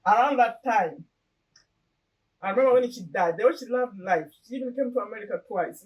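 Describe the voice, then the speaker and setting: A woman's voice: fairly high pitch, a little fast, a little mellow, distant mic, poor audio. Earnest woman vlogger, a bit off-mic. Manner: earnest, repeats and restarts phrases. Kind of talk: casual personal talk to camera.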